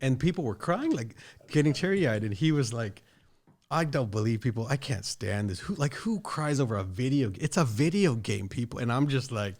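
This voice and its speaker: A man's voice: medium pitch, animated, normal speed, a little mellow. Rambling, chatty male podcast host. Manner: rambling storyteller with many restarts. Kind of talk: casual chat.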